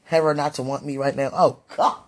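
A woman's voice: extremely low pitch, fairly even intonation, a little fast, slight background noise. A woman vlogging in a casual, rambling monologue, sighing and repeating herself as she pleads aloud to God.

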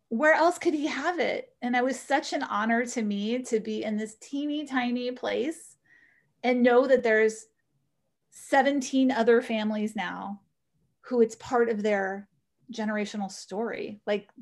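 A woman who teaches yoga, telling an animated story as a guest in an interview. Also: fairly high pitch, unhurried. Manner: animated storyteller, acts out voices in quotes.

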